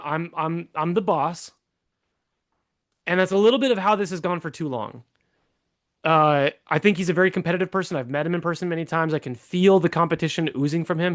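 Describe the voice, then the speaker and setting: High-voiced male congressional candidate. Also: a bit bright. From California. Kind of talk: podcast interview.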